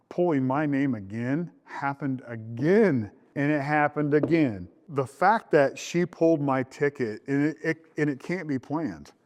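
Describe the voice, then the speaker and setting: In a recorded interview about his relationship, a middle-aged groom recounts meeting his wife. He speaks openly, and his pitch climbs whenever he reenacts past conversations.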